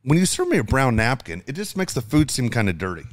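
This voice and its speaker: A middle-aged man co-hosting a podcast, telling stories in animated, profane casual chat. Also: mid-range voice, fast talker, no room sound. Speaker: podcast co-host, father.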